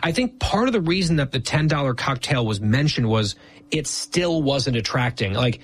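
A man's voice: mid-range voice, animated, moderate pace, slightly rough. A man co-hosting a show, teasing his co-host with dry sarcasm in casual banter. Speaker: podcast co-host.

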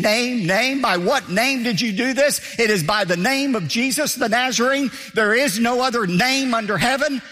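Preaching a sermon, an emphatic male pastor speaks in a high, lively voice that jumps up and down, bright and forceful in tone. He drives home key phrases by repeating them, and the long reverb of a large hall fills the sound.

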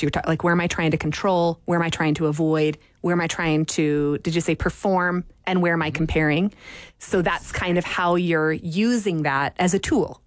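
Woman host, engaged and affirming, lowish voice, dry close sound. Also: no echo. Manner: engaged, affirming, laughs easily. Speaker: interview host. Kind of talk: conversational interview.

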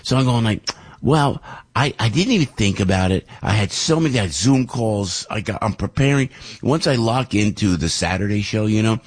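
Older male radio host, husky low voice, chatty and animated storyteller. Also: moderate pace, dry recording. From Italian-American. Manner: rambling, animated, chatty with restarts. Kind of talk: casual storytelling monologue.

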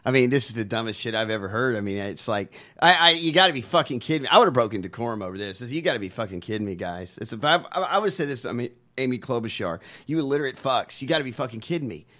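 A man's voice: medium pitch, lively intonation, quick pace, few pauses, pushed and bright. A man co-hosting a political talk show, ranting in disbelief, swearing heavily and laughing. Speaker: co-host. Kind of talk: profane political commentary.

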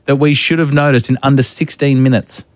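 A man's voice: mid-range voice, steady tone, a little fast. A man co-hosting a radio show, playful in casual banter, often stammering at the start of a line and repeating his questions, on a studio microphone. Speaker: radio co-host.

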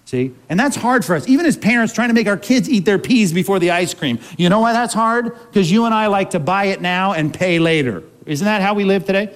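A man with a high voice preaches a sermon to his congregation. He talks in a conversational way and keeps asking rhetorical questions. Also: brisk, hardly any pauses. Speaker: pastor.

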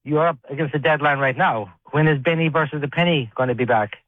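A man's voice: fairly high pitch, fast talker. A man calling a radio show for casual sports chat, firing off questions. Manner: chatty, fires off questions. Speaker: caller. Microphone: telephone. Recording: phone line, dry.

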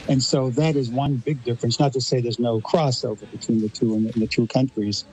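A man's voice: medium pitch, steady tone, brisk, dark tone, a little hiss or hum, rough recording. A man with an American accent, a guest on a radio discussion, giving expansive and articulate explanations. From Los Angeles, United States.

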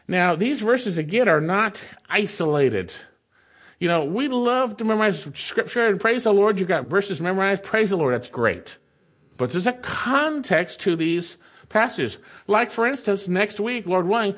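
Lively preaching man, higher voice. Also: measured pace. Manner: expository preaching with lively rhetorical questions. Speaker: pastor. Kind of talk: sermon.

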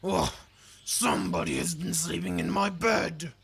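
A woman's voice: lowish voice, unhurried, creaky, husky, exaggerated voice. A woman voicing a big grumpy papa koala in a growly, grumbly, bellowing voice, reading a storybook. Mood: grumbling.

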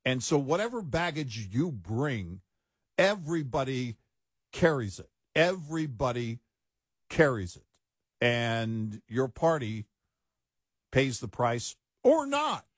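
A man co-hosting a political talk radio show, speaking slowly and deliberately. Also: medium pitch, sing-song, slightly rough, no room sound, studio quality. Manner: slow, deliberate, agreeing. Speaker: radio co-host.

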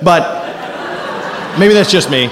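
Brief: lively male stand-up, slightly high voice, echoey club with noise behind. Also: very slow. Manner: animated, rambling, self-mocking. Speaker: stand-up comedian. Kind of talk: stand-up routine. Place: comedy club stage.

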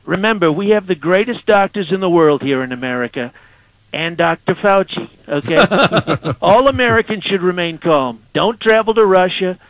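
A man's voice: high voice, expressive, normal speed, fairly bright tone, no echo, dull audio. A man doing a comedic impression of a boastful president who talks in repetitive superlatives. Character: boastful, brash male president, joking and self-assured. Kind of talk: comedy radio sketch.

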